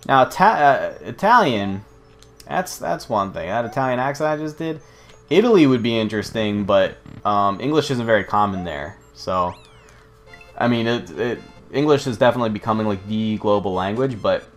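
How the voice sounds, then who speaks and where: American man, low voice, rambling gameplay commentary, lots of swearing, faint music behind. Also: fairly bright tone. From United States. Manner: rambling, profane, easily sidetracked. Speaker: let's play host.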